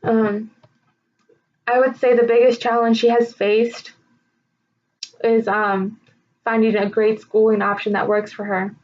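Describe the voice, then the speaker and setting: A young woman giving a recorded tribute speech about her sister, emotional and halting as she holds back tears. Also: on the high side, flat delivery. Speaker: speaker honoring her sister. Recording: slightly dull lo-fi recording.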